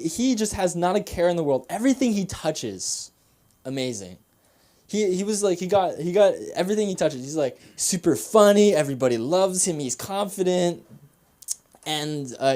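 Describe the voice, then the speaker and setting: A man's voice: fairly high pitch, mellow. A young man doing open-mic stand-up, nervous and rambling, with many fillers and restarts. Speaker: stand-up comedian. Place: comedy club stage.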